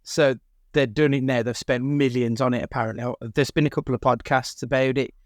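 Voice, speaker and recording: Steady English man co-hosting a podcast. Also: mid-range voice, brisk, no echo, studio quality. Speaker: podcast co-host. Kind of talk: casual chat.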